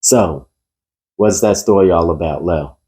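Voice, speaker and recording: A pastor delivering a sermon who tells an illustration story and builds to emphatic preaching. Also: male voice, low voice, measured pace, mellow.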